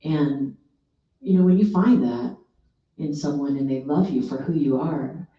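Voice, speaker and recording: A woman's voice: deep voice, measured pace, warm tone. A woman guest sharing a heartfelt, earnest story on a radio show. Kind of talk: casual faith-based chat. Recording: echoey room, distant dull mic.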